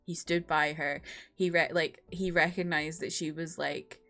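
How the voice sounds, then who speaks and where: Slow-talking young woman reacting warmly. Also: lowish voice, fairly even intonation, faint music behind. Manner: chatty and heartfelt, many "like" fillers. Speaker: reaction video host. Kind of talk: casual reaction commentary.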